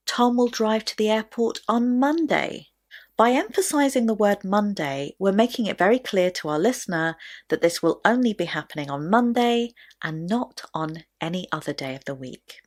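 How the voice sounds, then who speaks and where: Lively-voiced woman teaching pronunciation. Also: medium pitch. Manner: clear, deliberate, stresses words for demonstration. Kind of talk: scripted lesson to camera.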